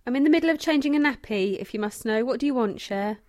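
An actress playing a busy young mother who talks briskly. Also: a little high, lively intonation, a little mellow, close to an everyday voice. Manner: brisk, hurried.

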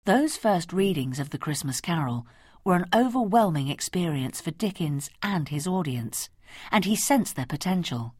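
A woman narrates a documentary script with a low, lively voice. Her tone is husky and the recording is very dry. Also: no echo. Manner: measured, expressive. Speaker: documentary presenter.

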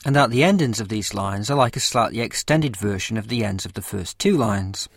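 Measured low-voiced man narrating a lecture. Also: animated, no room sound, studio quality. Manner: measured, careful explanatory delivery. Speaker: teacher of poetry.

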